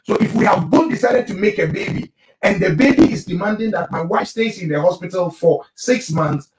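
Male pastor-host, very high voice, emphatic teaching style, roomy distant sound. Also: lively intonation, a little fast, background noise. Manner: emphatic, preachy, addresses listeners directly. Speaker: pastor and marriage show host. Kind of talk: live broadcast marriage teaching.

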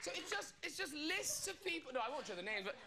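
A man's voice: very high voice, big pitch swings, fast, over a noisy crowd. A man hosting a TV chat show, teasing guests with cheeky asides in front of a studio audience. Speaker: talk show host. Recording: loud studio audience laughter and noise.

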